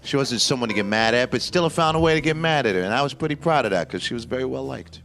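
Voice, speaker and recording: A comedian performing a playful spoken-word comedy poem live on stage, with rhythmic chanted repetitions. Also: male voice, mid-range voice, lively intonation, quick pace, vocal fry, fairly bright tone, faint music behind.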